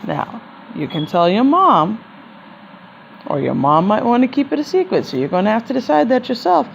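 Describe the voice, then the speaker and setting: A woman playing a patient gentle schoolteacher. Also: fairly high pitch, big pitch swings, gravelly, muffled recording, slight background noise, voice pushed up. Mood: confiding. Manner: soothing, explaining slowly.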